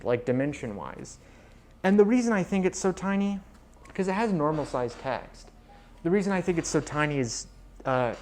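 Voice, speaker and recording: A man's voice: medium pitch, slight background noise. A man hosting a video, giving rambling, mocking commentary full of fillers and trailing asides. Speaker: video host reviewing books. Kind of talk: casual sarcastic commentary.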